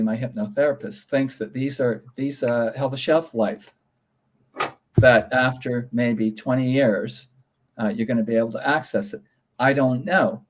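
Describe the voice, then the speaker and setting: A man from Canada, a guest author, calmly explaining in a casual interview. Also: medium pitch.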